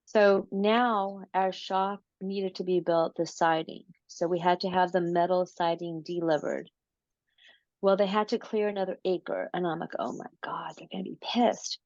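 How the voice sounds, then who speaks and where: A woman guest in an interview, telling a personal story in a casual, animated way, often repeating words and acting out what she said. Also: fairly low pitch, measured pace, dry recording, dull audio. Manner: animated, repeats words, acts out her own quotes.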